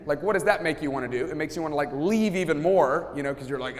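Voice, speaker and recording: A pastor speaking casually to a live audience, telling stories and acting out what people said, with many restarts. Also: male voice, on the high side, fast, hardly any pauses. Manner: storytelling, acts out quotes, many restarts. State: sweating, feels hot. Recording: long hall reverb.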